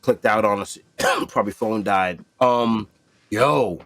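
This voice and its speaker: A man's voice: lowish voice, slow, a bit bright, dry recording. A man hosting a podcast in casual chat, emphatic and profane, repeating himself for effect. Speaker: podcast host.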